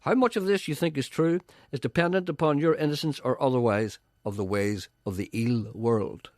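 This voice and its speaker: A man with a Northern Irish accent presenting a comedy radio show, telling wry, rambling stories with a deadpan touch. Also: medium pitch, normal speed, dry recording, clean studio sound. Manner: wry, drifting into tangents, deadpan storytelling.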